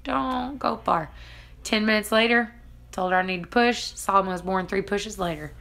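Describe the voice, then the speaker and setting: A woman in her thirties, a vlogger and mother, chats casually and tells stories, acting out quotes and laughing often. She talks at medium pitch, fairly quickly, with a fairly bright tone.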